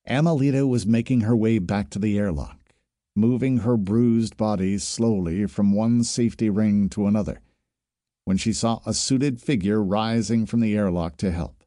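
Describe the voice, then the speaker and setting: A man narrating a science fiction audiobook with a measured, even reading. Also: lowish voice, no room sound, clean studio sound.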